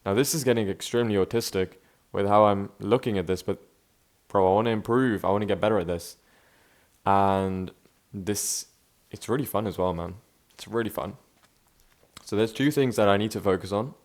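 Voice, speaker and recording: A young man talks in an unscripted, casual vlog monologue, relaxed and self-reflective, in a slightly low voice at normal speed. He restarts sentences often, leaves long pauses, and says "bro" and "man" a lot.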